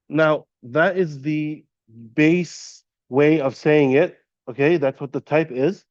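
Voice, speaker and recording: Slow, patient man teaching a class. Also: a little high, fairly even intonation, a little mellow, dry recording, lo-fi sound. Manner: patient, quizzes students and repeats terms slowly. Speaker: Arabic teacher. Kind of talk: classroom lesson. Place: classroom at an Islamic center.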